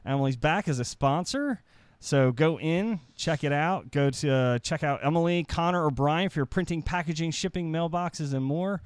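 A man hosting a podcast in casual chat, reading sponsor spots in an easygoing, halting way into a studio mic. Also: fairly high pitch, clear, resonant tone, no echo. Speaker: podcast host.

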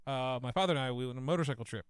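A man's voice: mid-range voice, racing, clean tone, no room sound. A man co-hosting a podcast, telling rambling stories in casual, profane chat. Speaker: podcast co-host. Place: small podcast studio.

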